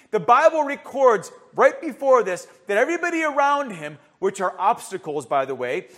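Male preacher, high voice, sermon delivery, passionate, many rhetorical questions, shifts from loud to hushed. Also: big pitch swings, normal speed, few pauses.

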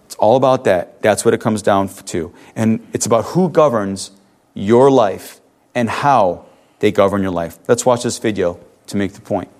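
A man preaching a sermon, earnest, rising to emphatic questions and dropping soft when he tells a story. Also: lowish voice, moderate pace. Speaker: pastor.

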